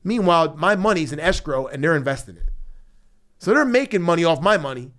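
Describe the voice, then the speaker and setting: A man from South Philadelphia, in his fifties, with a strong Philadelphia accent, sits in a podcast studio and tells his story as the guest. His voice sits fairly high for a man. He talks blunt and profane street talk and keeps slipping into the voices of people from his past. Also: animated, a little fast, fairly bright tone. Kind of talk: storytelling interview.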